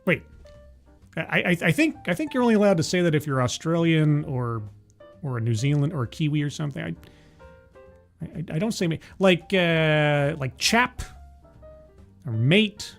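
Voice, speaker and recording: A man's voice: a little high, animated, normal speed, vocal fry, faint music behind. Rambling, self-deprecating male commentator. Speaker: host. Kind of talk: casual commentary vlog.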